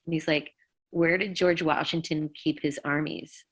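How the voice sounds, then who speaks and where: A middle-aged woman, a former band singer, telling an emotional story in an interview, halting, with many fillers. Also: deep voice, steady tone.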